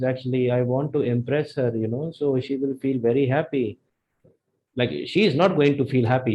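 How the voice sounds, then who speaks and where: A young man with an Indian accent teaching a spoken English lesson, animated and jumping his pitch up and down to show intonation. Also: slight background noise, low-quality recording. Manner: animated, demonstrates intonation with sudden pitch jumps. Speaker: English speaking tutor.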